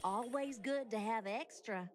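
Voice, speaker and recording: A woman voicing a teasing, flirty game character in a soft, breathy voice. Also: on the high side, measured pace, faint music behind, close to an everyday voice. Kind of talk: video game voice acting.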